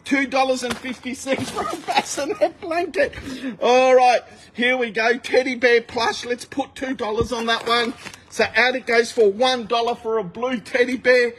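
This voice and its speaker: A man's voice: extremely high pitch, steady tone, a bit bright. A man hosting a live shopping stream outdoors at a warehouse sale, rattling off prices and talking to viewers. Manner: rapid price-calling, chatty with viewers. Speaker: livestream sale host. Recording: noisy outdoor phone recording with wind.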